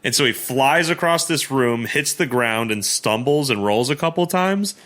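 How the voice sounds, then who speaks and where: Lively bright-voiced young man telling stories. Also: medium pitch, normal speed. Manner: animated storyteller, laughs often, slangy. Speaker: podcast co-host. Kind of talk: casual chat.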